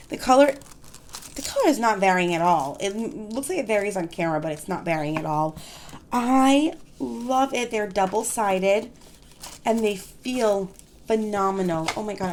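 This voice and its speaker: A woman chatting casually in an unboxing vlog, gushing with excitement, gasping and exclaiming softly as she shows off planner supplies at her desk. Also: mid-range voice, measured pace, slight background noise. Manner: gushing, excitable, frequent gasps and soft exclamations.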